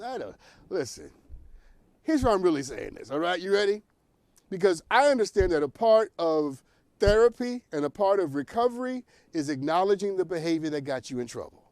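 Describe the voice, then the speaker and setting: High-voiced guy from new york doing his talk show bit, talks right at the viewers, laughs at his own jokes, dry close sound. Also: a little mellow, no echo. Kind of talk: opinionated studio commentary.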